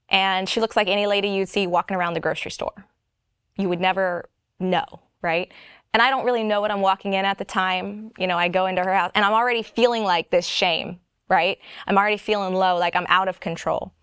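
A woman recounts her own spiritual story in an open, chatty testimony style, peppering it with "like" and "you know." Her voice is smooth and clear, sitting at an ordinary pitch. The sound is close and dry, with no room around it. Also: a bit bright, no echo. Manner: casual and candid, frequent "like" and "you know", rhetorical "right?". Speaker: speaker sharing her faith story.

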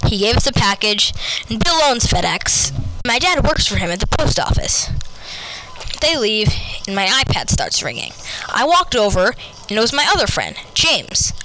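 A woman reading a first-person story aloud with lively storybook delivery, putting on voices for each character. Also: medium pitch, moderate pace, slight background noise, poor audio.

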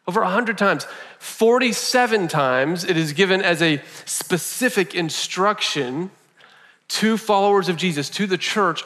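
Higher-voiced man preaching in a reverberant hall. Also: a bit bright. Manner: conversational, repeats phrases for emphasis. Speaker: pastor. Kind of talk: sermon.

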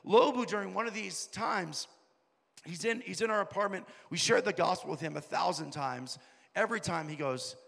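Gravelly-voiced man preaching in a hall. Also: normal speed, fairly bright tone. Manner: storytelling, quoting people in lowered voices. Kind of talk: sermon. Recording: long hall reverb.

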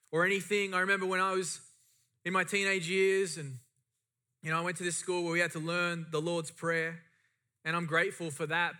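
A man's voice: high voice, sharp tone. A middle-aged man preaching a sermon to a congregation with impassioned, rising and falling emphasis. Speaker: pastor.

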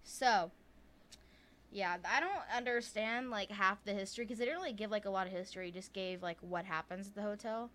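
Her voice mid-range, brisk, and a bit bright, a Southern US woman co-hosts a podcast where she casually retells ghost stories. The talk is chatty, heavy on filler words like "like," and punctuated by frequent laughter.

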